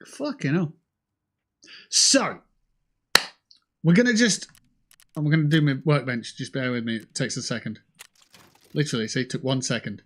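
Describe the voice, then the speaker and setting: A young British man hosting a livestream in casual, sweary chat that jumps between high and low. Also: normal speed, pauses often, a bit bright. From United Kingdom. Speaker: livestream host.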